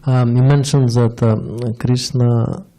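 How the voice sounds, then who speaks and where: A man in the audience asking a question in a halting, hesitant way with many fillers. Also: mid-range voice, flat delivery, dark tone.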